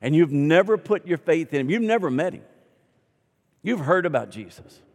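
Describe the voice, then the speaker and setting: Southern pastor preaching in a big hall. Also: male voice, a little high, very animated, normal speed. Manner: swings from hushed to loud, emphatic preaching. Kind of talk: Easter sermon.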